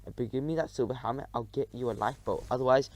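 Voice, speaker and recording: A man's voice: medium pitch, fast talker, a little mellow, no echo, lightly acted. A man doing a sneering, greedy sea captain. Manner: sneering, bargaining.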